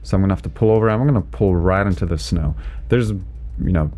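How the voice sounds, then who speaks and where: A man who is a driving instructor, explaining winter driving in a relaxed, chatty way from inside his car, with lots of "you know" and "right?". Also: deep voice, fast. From Canada. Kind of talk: casual instructional commentary while driving.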